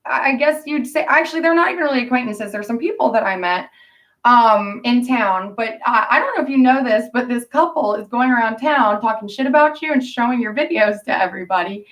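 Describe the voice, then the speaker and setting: A woman voicing a chatty, eager fellow female inmate who is her fan, in a raised, excited voice. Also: on the high side, fairly quick, recorded from a distance, pitched above the performer's own voice. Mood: gushing.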